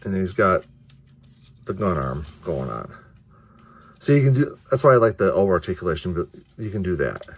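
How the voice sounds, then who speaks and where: A man's voice: sits low, big pitch swings, moderate pace, long pauses, husky. A man casually reviewing action figures, rambling with many restarts and the odd curse. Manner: offhand, mildly profane. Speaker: toy reviewer.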